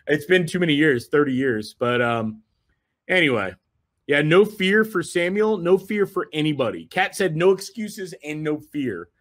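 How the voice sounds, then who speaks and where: Man, slightly high voice, upbeat motivational talk, repeats himself, lots of fillers, video call. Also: expressive, normal speed. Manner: enthusiastic, repetitive, rambling with fillers. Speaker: host of a group video call.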